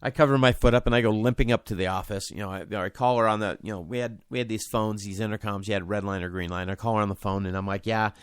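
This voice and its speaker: A man's voice: lowish voice, steady tone, rapid-fire, hardly any pauses, clear, resonant tone, no echo, clean studio sound. A man in his forties, a podcast host, telling a personal story with many restarts and fillers.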